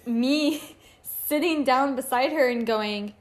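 Slow, giggly woman podcast host. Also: high voice. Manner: laughs often, playful and self-mocking. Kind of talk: casual chat.

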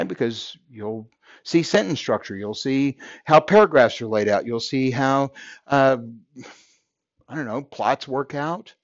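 A man's voice: a little high, no room sound, lo-fi sound. A man hosting a podcast, delivering an earnest motivational monologue and repeating phrases for emphasis. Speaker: podcast host.

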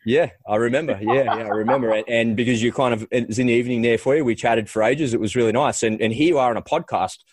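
A man hosting a podcast, chatting casually in quick bursts with frequent restarts. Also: medium pitch, steady tone, a little mellow, no room sound. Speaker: podcast host. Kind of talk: casual conversational chat.

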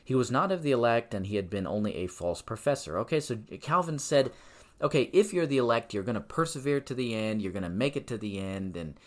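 A man hosting a podcast, teaching the Bible in a preaching style. He speaks emphatically, swings from loud insistence to quiet stress, and reads scripture in a slower, measured cadence. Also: medium pitch, animated. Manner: conversational asides and tag questions.

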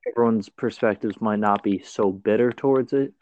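A man's voice: lowish voice, normal speed, darkish tone, highs cut off. A man co-hosting a casual movie chat, with wry, sarcastic asides. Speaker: podcast co-host.

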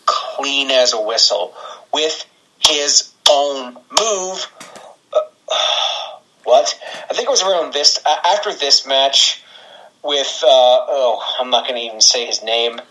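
A man's voice: mid-range voice, slow pace, pauses often, pushed and bright, poor audio. A man co-hosting a casual podcast, rambling and sarcastic, swearing and laughing as he talks. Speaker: podcast co-host. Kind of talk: casual wrestling podcast chat.

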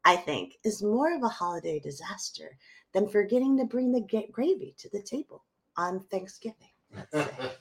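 A woman's voice: medium pitch, lively intonation, normal speed. A middle-aged woman co-hosting a live podcast, telling a story dramatically and animatedly. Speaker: podcast co-host.

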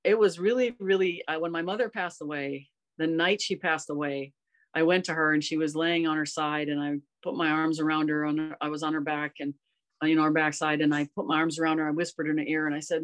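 A woman's voice: low-pitched, steady tone, brisk. A woman in her fifties, a guest on a podcast, telling personal stories in an earnest, rambling, heartfelt way. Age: 50s. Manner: earnest, rambling, emotional storytelling. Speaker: podcast guest, golf coach. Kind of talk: casual storytelling conversation.

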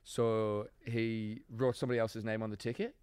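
A man's voice: lowish voice, flat delivery, moderate pace, a little mellow, smooth, no echo. A man in casual podcast chat, rambling through a story with lots of fillers and swearing. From Australia. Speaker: comedian guest.

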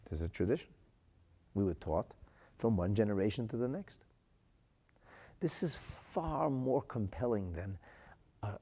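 A man teaching a Talmud lesson, asking rhetorical questions, reading Aramaic phrases and translating them, moving from quiet asides to loud emphasis. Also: lowish voice, slightly rough.

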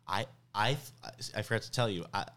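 A man's voice: on the low side, fairly quick, a little hiss or hum. Rambling young man telling a story. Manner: rambling, animated, lots of fillers and restarts. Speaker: podcast guest. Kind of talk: casual storytelling chat.

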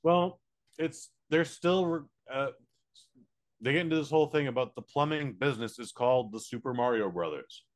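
American man, podcast co-host, middle-pitched voice, casual and profane, lots of quick impressions. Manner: animated, profane, does quick silly voices. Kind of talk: casual movie review chat.

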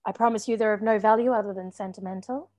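A woman improvising a tearful ex-girlfriend who finds her nerve, animated and lilting. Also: medium pitch, fast, close to an everyday voice. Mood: formal. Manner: animated, lilting, prone to crying. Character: tearful, newly empowered woman, Michael's ex. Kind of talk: improvised comedy scene.

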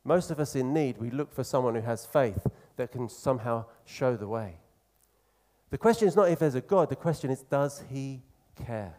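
A man preaching a sermon in an earnest, conversational way, slowing down to stress key phrases. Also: medium pitch, lively intonation, a little mellow.

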